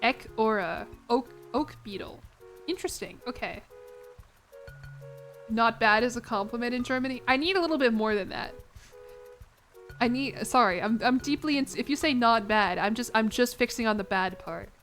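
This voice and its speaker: A woman's voice: a little high, normal speed, fairly bright tone, faint music behind. A young woman streaming a game, rambling and giggling as she chats with her viewers. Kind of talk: casual chat to a live chat.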